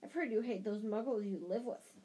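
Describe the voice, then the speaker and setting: A woman reading aloud as a suspicious, nervous schoolboy wizard who talks in a hushed, conspiratorial way. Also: mid-range voice, a little fast, slightly rough, natural voice.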